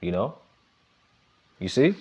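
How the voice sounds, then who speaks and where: A middle-aged man giving a Bible teaching in a casual preaching style, constantly asking "all right?" and "okay?" and slowing down, louder, to read the verses. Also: lowish voice, big pitch swings, husky. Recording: dull lo-fi recording.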